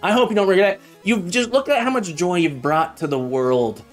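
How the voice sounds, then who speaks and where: A man's voice: sits high, brisk, faint music behind. A man live-streaming while he codes, chatting casually and thinking aloud as he debugs, with a self-mocking manner.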